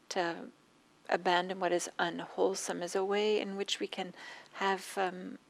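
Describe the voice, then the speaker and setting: A woman meditation teacher giving a dharma talk, speaking gently with pauses and a slightly scratchy throat. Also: on the low side, creaky. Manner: gentle, soft-spoken with frequent pauses and fillers.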